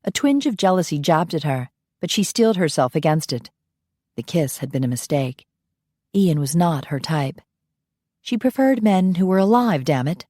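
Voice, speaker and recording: A woman narrating a paranormal romance audiobook in an even, measured storytelling voice. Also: sits low, dry recording, clean studio sound. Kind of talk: scripted narration.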